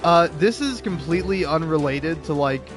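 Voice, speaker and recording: This gaming creator has a fairly high, expressive voice at a moderate pace, with music in the background. His casual commentary rambles and restarts often, sarcastic and profane, broken up by frequent laughter.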